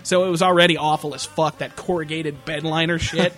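A man's voice: a little high, level tone, fairly quick, a bit bright, faint music behind. A man co-hosting a casual podcast, telling profane stories with lots of laughter. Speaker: podcast co-host.

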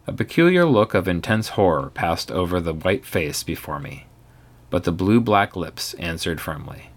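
A man narrating a Victorian ghost story in the first person, with a measured, theatrical delivery. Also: low voice, lively intonation.

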